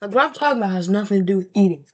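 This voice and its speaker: A woman's voice: medium pitch, lively intonation, very fast, darkish tone, muffled recording. A young woman vlogger telling a rambling, profane story straight to her camera, full of fillers.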